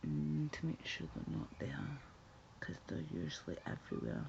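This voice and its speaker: A woman's voice: deep voice, wildly swooping pitch, normal speed, vocal fry, darkish tone, slight background noise. A Scottish woman chatting casually with her stream viewers, swearing and laughing as she talks. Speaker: livestreamer. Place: at home. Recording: dull lo-fi stream audio.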